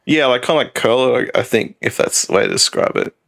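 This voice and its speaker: A man's voice: mid-range voice, fairly quick, creaky, fairly bright tone. A man from Australia with an Australian accent, chatting casually as a podcast co-host and laughing often. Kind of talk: casual chat.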